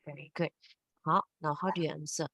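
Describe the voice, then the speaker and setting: A woman's voice: sits low, fairly even intonation, fairly quick, a bit bright, no echo, poor audio. A woman teaching a Mandarin lesson, patiently checking understanding. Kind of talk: online language lesson.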